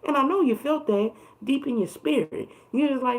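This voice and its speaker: A woman reads tarot cards live in a loose, conversational way. Her voice is gravelly with frequent vocal fry. She swears freely and stacks repeated words when she wants to stress a point. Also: high-pitched, normal speed, few pauses, poor audio. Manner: emphatic, profane, repeats phrases for emphasis. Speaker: tarot reader. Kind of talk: casual tarot reading livestream.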